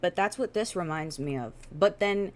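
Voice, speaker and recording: Lower-voiced woman, animated and profane. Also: normal speed. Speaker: streamer. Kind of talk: casual reaction chat.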